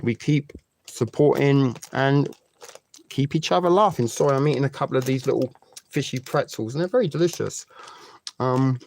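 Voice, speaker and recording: A man's voice: medium pitch, moderate pace, creaky, a little mellow, a little hiss or hum. A man in his forties hosting a live stream, chatting casually and crudely joking with his viewers. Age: 40s. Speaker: livestream host.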